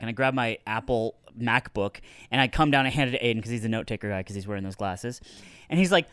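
A young man co-hosting a podcast, chatting casually in an excitable, teasing way and laughing often. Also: medium pitch, fast talker, smooth, no echo. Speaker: podcast co-host. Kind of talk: casual chat.

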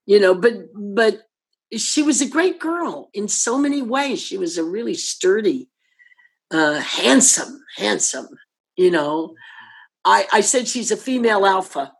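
An older actress telling anecdotes in an interview, animated and laughing often as she acts out what others said. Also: mid-range voice, unhurried, gravelly, husky.

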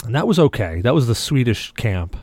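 A man at a middle pitch, chatting loosely as a podcast co-host. He rambles, restarts and swears as he tells his stories. The sound is dry and close, with no room in it. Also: very animated, brisk, darkish tone, dry recording. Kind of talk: casual chat.

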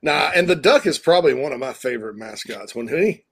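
A man's voice: mid-range voice, lively intonation, brisk, breathy edge. Rambling man on a remote sports podcast. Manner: rambling, self-interrupting, chuckling. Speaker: podcast co-host. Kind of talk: casual sports talk. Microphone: home desk mic on a remote call.

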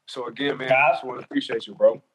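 A man chats on a podcast in an even, level tone that barely rises or falls. He sounds loose and thankful, circling back to his point with frequent restarts. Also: mid-range voice, fast, breathy edge, rough recording. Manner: relaxed, grateful, rambling with restarts. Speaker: former player, guest. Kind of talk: casual podcast chat.

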